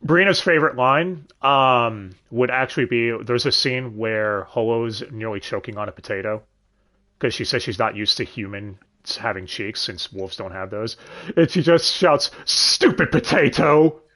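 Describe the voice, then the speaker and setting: A man's voice: on the low side, moderate pace, sharp tone. A man co-hosting a casual podcast, talking animatedly about an anime dub, swearing freely and laughing often. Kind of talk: casual chat.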